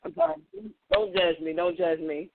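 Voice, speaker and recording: A woman's voice: on the low side, sing-song, vocal fry, dry recording. A woman co-hosting a casual radio talk show, giggly and candid, speaking on a tinny phone-like recording. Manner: giggly, candid, fast-talking. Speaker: co-host.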